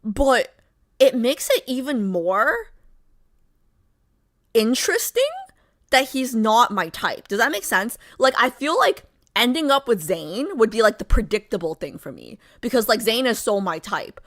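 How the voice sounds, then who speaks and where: A young woman livestreaming and chatting with her viewers, with a bright, pointed voice that sits a little high. She rambles and circles back, piling up fillers and asides as she talks. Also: very animated, a little slow. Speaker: livestream host. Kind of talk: casual chat with live viewers.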